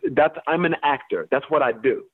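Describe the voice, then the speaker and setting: Male actor guest from the Deep South, mid-pitched, emphatic and profane, heard over a phone line. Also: normal speed, husky, no echo. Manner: emphatic, profane, laughs while making points. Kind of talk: candid interview conversation. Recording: tinny phone-line sound.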